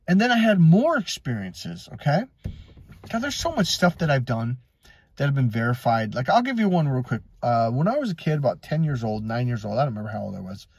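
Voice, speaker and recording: A middle-aged man from Wisconsin telling personal stories as a life coach, animated and acting out quoted voices. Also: fairly quick, husky, no room sound. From Wisconsin, USA. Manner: animated, swings between high and low pitch, acts out quotes. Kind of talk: personal storytelling monologue.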